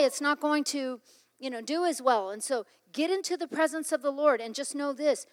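A woman's voice: high-pitched, fairly bright tone, big-room sound. A middle-aged woman preaching a sermon in a conversational, emphatic way, often acting out little exchanges of dialogue.

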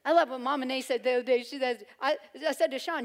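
High-voiced, loud woman preacher. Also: steady tone, fast talker, few pauses. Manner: loud, emphatic preaching with playful humor. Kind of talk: sermon.

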